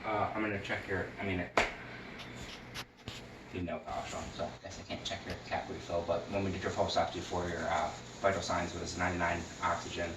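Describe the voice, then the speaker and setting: A nursing student with a low voice narrates a head-to-toe health assessment, speaking fairly quickly and flatly with many fillers and restarts. The distant mic gives a roomy sound, and there's heavy background noise.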